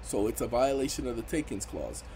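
A man talking through legal points in a casual commentary, his pitch swinging up high whenever he gets indignant. His delivery is emphatic and animated, over a faint hiss of background noise. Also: a little fast, poor audio. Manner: emphatic, rises sharply when indignant.

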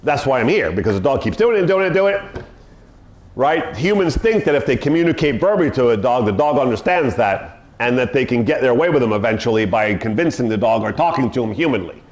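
A man's voice: medium pitch, expressive, fast, roomy sound. A middle-aged man, a dog trainer, talking emphatically and acting out owners' commands, often asking "right?". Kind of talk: animated monologue.

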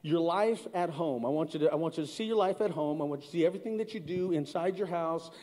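Male pastor, higher register, emphatic sermon with call-and-response, big echoing sanctuary. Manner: swings from loud emphatic lines to low slow ones. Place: large church hall. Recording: long church reverb. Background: congregation.

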